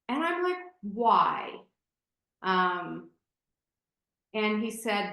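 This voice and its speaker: A woman's voice: medium pitch, big pitch swings, drawn-out words, long pauses, bright, forceful tone. A woman guest telling a personal story candidly and emotionally, with many fillers and restarts. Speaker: podcast guest. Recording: roomy echo.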